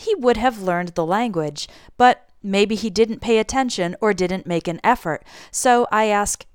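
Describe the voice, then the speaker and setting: A woman explaining grammar in a clear, deliberate teaching voice, her pitch rising and falling in a lively way as she models intonation. Her voice sits at a middle pitch and sounds close and dry, with no room echo. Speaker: English teacher. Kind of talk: scripted language lesson.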